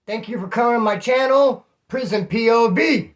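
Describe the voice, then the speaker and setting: A man from California with a slightly hoarse voice, casually telling rambling stories to his channel's viewers. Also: very high voice, moderate pace. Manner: slangy, rambling, calls listeners homeboy. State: throat issue, slightly hoarse. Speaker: vlogger. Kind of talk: casual storytelling to camera.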